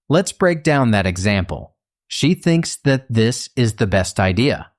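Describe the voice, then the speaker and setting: Slow, measured male narrator. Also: mid-range voice, a little mellow. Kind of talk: scripted instructional narration.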